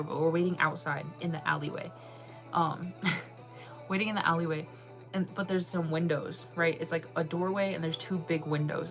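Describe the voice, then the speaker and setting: A young woman telling a story in a casual, animated way, acting out her own reactions in a higher voice and laughing often. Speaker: channel host.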